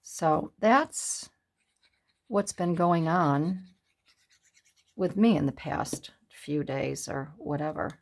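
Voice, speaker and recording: Woman, 60s, craft vlogger, casual chat, slow halting delivery, lowish pitch, upset tone. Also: vocal fry. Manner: halting, upset, many pauses and restarts.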